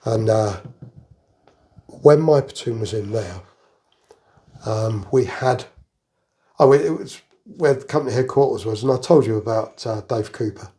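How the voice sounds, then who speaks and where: A man's voice: fairly low pitch, unhurried, pauses often, warm tone. An older man from England, a retired army veteran, telling rambling anecdotes in a casual interview. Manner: rambling anecdotal storyteller, chuckles through jokes.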